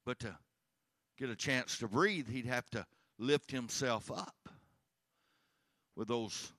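A man preaching a sermon as pastor, swinging from hushed retelling to shouted emphasis and often repeating words. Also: medium pitch, expressive, takes it slowly, no room sound, clean studio sound.

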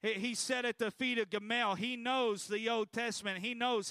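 A man's voice: very high-pitched, steady tone, normal speed, few pauses, sharp tone, clear, resonant tone, no room sound. A male pastor preaching a sermon emphatically, prompting the congregation to repeat after him.

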